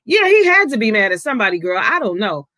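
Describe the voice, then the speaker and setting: Casual vlogger ranting, cusses freely, voice jumps high when annoyed, dry recording. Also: very animated, quick pace, sharp tone, dry recording. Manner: outspoken, swears freely, voice jumps up when riled. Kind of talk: casual commentary vlog.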